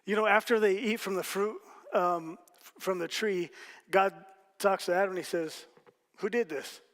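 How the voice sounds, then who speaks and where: A man's voice: sits high, normal speed, a bit bright. A man preaching a sermon as pastor, telling stories casually with jokes and asides to the congregation. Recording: hall reverb.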